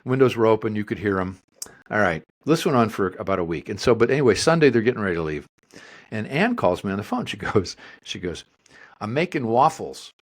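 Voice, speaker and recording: A man with a fairly low voice spins a casual anecdote on a chatty podcast. He draws the story out and drops in wry comic asides as he goes. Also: very animated, quick pace. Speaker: podcast co-host.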